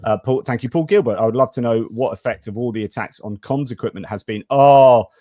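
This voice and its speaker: A man's voice: mid-range voice, a little fast, warm tone, dry recording. A man hosting a livestream, chatting casually with many fillers and restarts as he reads donor messages and asks questions. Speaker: livestream host.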